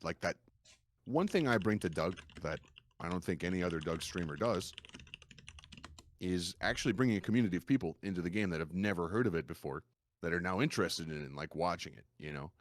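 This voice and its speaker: Give me a deep-voiced man talking earnestly as a podcast guest, recorded dry and close. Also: animated, fairly quick, no echo. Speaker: guest streamer. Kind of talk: casual chat.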